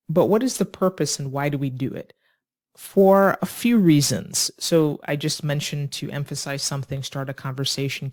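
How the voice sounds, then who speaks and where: An English teacher explaining conversation to language learners, acting out short example lines. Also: medium pitch. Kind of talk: ESL lesson explaining dialogues.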